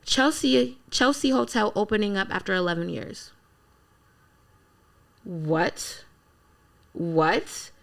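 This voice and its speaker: A woman musician from Philadelphia telling stories in a casual interview, animated and acting out quotes. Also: medium pitch, normal speed, vocal fry, few pauses. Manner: animated storyteller, acts out quotes, exclaims. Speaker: guest musician.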